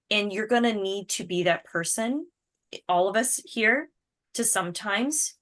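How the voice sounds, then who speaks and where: A woman's voice: on the low side, a bit bright. A woman in her thirties giving a chatty motivational talk to her team, with frequent laughs and restarts. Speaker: team leader.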